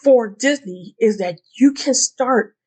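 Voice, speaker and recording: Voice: mid-range voice, slow, low-quality recording. A YouTube host giving casual fan commentary, talking in a rambling way, with many fillers and the odd curse word.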